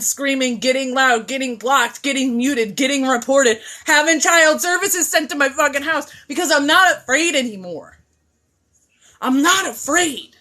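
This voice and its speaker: A woman hosting a live stream from home, ranting with emphatic, profane force and swinging between loud and hushed talk. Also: sits high. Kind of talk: impassioned live rant.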